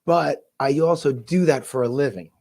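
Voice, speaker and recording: A man's voice: fairly high pitch, normal speed, darkish tone. A man hosting a casual podcast chat, joking and rambling bluntly. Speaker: podcast host.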